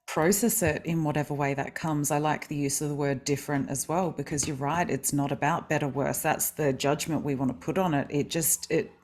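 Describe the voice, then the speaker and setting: Deep-voiced woman host, warmly affirming. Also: fairly even intonation, fairly quick, hardly any pauses. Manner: affirming and effusive. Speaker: podcast host. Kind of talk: podcast conversation.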